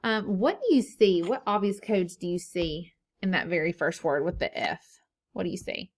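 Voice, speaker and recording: A woman's voice: fairly low pitch, normal speed. A woman teaching a phonics lesson to young children, patiently asking questions and then answering them herself.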